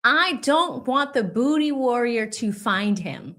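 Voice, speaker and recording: A woman hosting a casual livestream, reading viewer comments aloud and laughing as she mocks the people she talks about with quick impressions. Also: fairly high pitch, animated, a bit bright. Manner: reads viewer super chats aloud, laughing and mocking. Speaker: livestream host.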